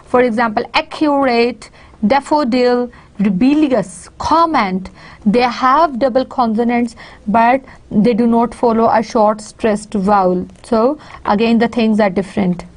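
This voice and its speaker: A woman lecturer with a Pakistani English accent, a native Urdu speaker, explaining at a steady pace with frequent fillers and restarts. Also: fairly high pitch, measured pace. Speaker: university lecturer. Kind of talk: recorded online lecture.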